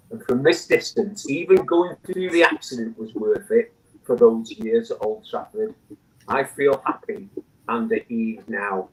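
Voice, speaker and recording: A man's voice: medium pitch, rough recording. Eager man telling stories on a panel. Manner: enthusiastic storyteller who reads quotes aloud with frequent restarts. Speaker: guest, memorial foundation chairman. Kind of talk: casual panel discussion.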